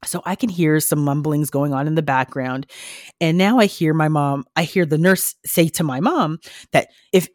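A woman nurse on a podcast, telling a story in a lively way and acting out the lines of the people in it. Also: deep voice, normal speed, no room sound, clean studio sound. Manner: animated storytelling, acting out quoted dialogue. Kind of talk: casual podcast conversation.

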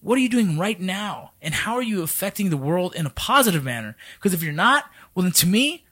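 A man with a high voice talks in a loose podcast chat, swearing constantly and hammering his points home. His pitch swings widely as he gets worked up about veterans and training. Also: sing-song, fairly quick, few pauses, a bit bright, husky. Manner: profane, emphatic, fired-up. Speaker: military veteran. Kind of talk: casual podcast conversation.

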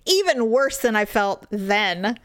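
Animated chatty woman, dry close sound. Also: medium pitch, slow, dry recording. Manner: animated, laughing, acts out voices in her story. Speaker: storyteller in a chat. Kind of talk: casual chat, telling an anecdote.

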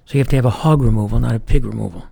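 Male ex-police commander, raspy voice, lively storyteller who acts out the dialogue. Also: mid-range voice, racing. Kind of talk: anecdotal interview storytelling.

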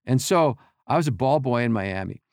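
Gravelly-voiced middle-aged storyteller man. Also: mid-range voice, moderate pace, dry recording, studio quality. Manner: animated, acts out quotes and sounds. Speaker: podcast guest, team equipment worker. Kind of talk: casual storytelling.

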